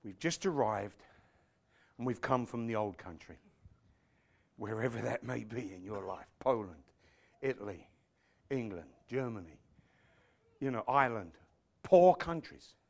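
A man's voice: mid-range voice, lively intonation, a little slow, long pauses, a little mellow. A male pastor preaching a sermon in an impassioned, emphatic way, breaking off into self-deprecating asides.

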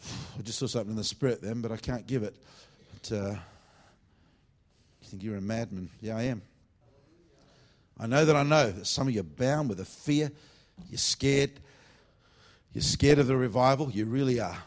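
A male revival preacher delivering a sermon at a church meeting. He lurches from loud, fervent bursts down to low, confiding asides. His voice sits at an ordinary middle pitch. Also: normal speed.

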